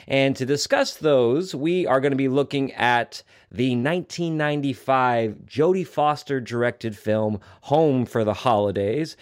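A man co-hosting a casual podcast chat, animated and joking, swearing casually. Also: medium pitch. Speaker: podcast co-host.

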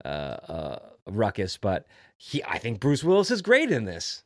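A man's voice: fairly low pitch, wildly swooping pitch, measured pace, no room sound, clean studio sound. A man co-hosting a podcast, talking casually and enthusiastically about a movie scene, rambling with fillers and swearing freely. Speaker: podcast co-host. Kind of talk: casual film discussion.

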